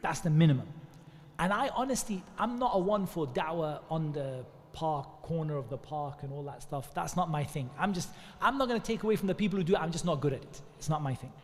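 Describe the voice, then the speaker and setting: High-voiced man in a reverberant hall. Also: expressive, a little fast, a little hiss or hum. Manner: conversational, many restarts and asides. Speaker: speaker giving a talk at an Islamic centre. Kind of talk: informal religious talk. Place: mosque hall.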